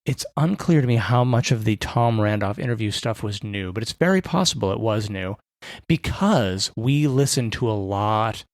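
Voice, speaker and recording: A man's voice: fairly low pitch, expressive, normal speed, no room sound, studio quality. A man co-hosting a podcast in casual chat, rambling and correcting himself with a wry humor. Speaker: podcast co-host.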